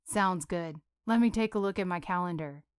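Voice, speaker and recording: A woman's voice: lowish voice, smooth, dry recording, clean studio sound, natural voice. A woman voicing a nervous, polite young man who hesitates as he talks, in a storybook reading. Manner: hesitant, halting when nervous.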